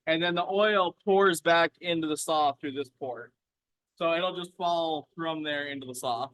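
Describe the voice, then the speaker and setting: Guy walking through how the saw works, kinda high-pitched, dry close sound, laid back. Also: measured pace, fairly bright tone, dry recording, low-quality recording. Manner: easygoing, explains step by step. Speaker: lapidary saw operator. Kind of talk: casual hands-on demonstration. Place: indoor workshop by a rock saw.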